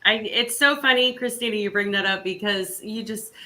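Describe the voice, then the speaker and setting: Casting: open, candid woman, very bright and forceful tone. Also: mid-range voice, normal speed, a little hiss or hum, rough recording. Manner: open, candid about her own mistakes. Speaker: author and guest. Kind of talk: casual conversation.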